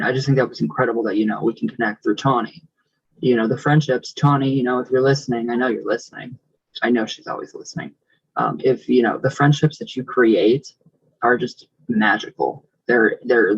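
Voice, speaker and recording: A man chatting casually on his vlog, effusive and rambling as he reads out viewer comments with lots of warm thanks. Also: medium pitch, breathy edge, highs cut off. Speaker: vlogger.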